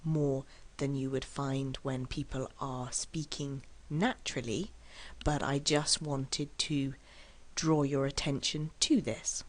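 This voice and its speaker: Slow, low-voiced woman teaching English. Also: fairly even intonation. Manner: slow, careful, deliberate enunciation with exaggerated stress. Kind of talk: scripted lesson delivery.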